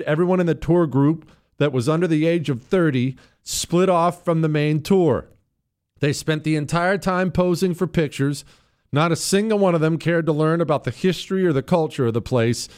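A man's voice: medium pitch, darkish tone. A man hosting a talk show, giving sarcastic, ranting commentary. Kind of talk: opinionated commentary.

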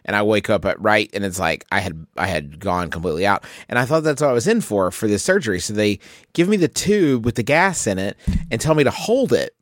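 A man's voice: lowish voice, sing-song, brisk, no room sound, studio quality. A man co-hosting a comedy podcast, rambling through a story and laughing mid-sentence. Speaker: podcast co-host.

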